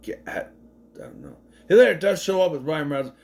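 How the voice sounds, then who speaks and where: A man's voice: mid-range voice, very animated, quick pace, vocal fry, a little mellow. A man casually recapping a film, wry and digressive, with frequent restarts and asides. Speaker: movie recapper.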